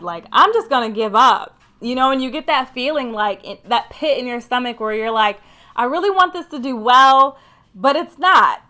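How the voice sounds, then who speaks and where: Bright, chatty young woman. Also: a little high. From Michigan. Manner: chatty and animated, lots of "like". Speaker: career vlogger. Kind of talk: casual storytelling to camera.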